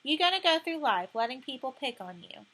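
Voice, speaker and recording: A woman's voice: high voice, big pitch swings, brisk, a bit bright, slightly rough, full character voice. A woman reading an audiobook voices a streetwise girl, blunt and bossy, talking slangy and swaggering. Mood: brash, bossy.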